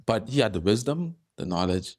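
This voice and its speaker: A man's voice: fairly low pitch, very animated, moderate pace, darkish tone. A man, a holistic health doctor, talking as a podcast guest and explaining health through stories, often repeating phrases for emphasis. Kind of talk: casual podcast conversation.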